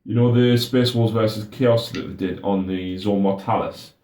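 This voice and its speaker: Young man, hesitant, stammering, mellow tone, echoey room. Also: fairly low pitch, fairly even intonation, normal speed. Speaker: co-host. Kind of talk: casual chat.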